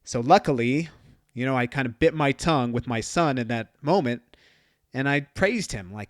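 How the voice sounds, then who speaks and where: A man in his thirties talks through a parenting story on his own podcast. He is easygoing and conversational and slips into quoted lines as he goes. His voice sits at a middling pitch and is recorded very dry and close. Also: animated, normal speed, no room sound. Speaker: podcast host. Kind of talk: solo podcast talk.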